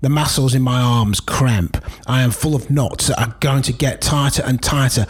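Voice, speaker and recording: A man's voice: medium pitch, normal speed, slightly rough, natural voice. A man reading a novel aloud in a Cockney accent as a tense, obsessive gambler. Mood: intense.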